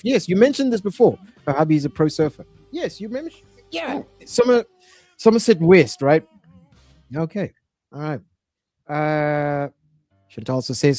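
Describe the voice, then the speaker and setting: A man's voice: on the high side, measured pace, darkish tone, no room sound, faint music behind. Easygoing man reading comments, dry mic. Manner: easygoing, reads viewer comments aloud with lots of fillers. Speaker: podcast host reading chat comments. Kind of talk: casual chat.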